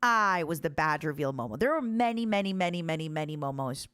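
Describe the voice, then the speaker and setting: A woman streaming from an indoor room, chatting casually with her viewers in a bouncy way, her pitch jumping up as she reads their messages. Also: expressive, fairly quick, fairly bright tone, smooth, dry recording, studio quality. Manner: chatty, bouncy, jumps in pitch when reading chat. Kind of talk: casual livestream chat.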